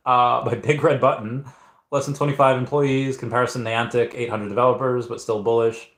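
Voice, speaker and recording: A man's voice: medium pitch, flat delivery, brisk, fairly bright tone. A young man hosting a casual livestream Q&A, reading chat and rambling with frequent restarts and repeated words. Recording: echoey room.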